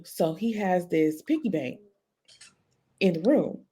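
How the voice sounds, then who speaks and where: Podcast co-host: woman in her 30s, lively anecdotes. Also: lowish voice, unhurried, husky. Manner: animated storytelling, laughs often. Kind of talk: casual chat.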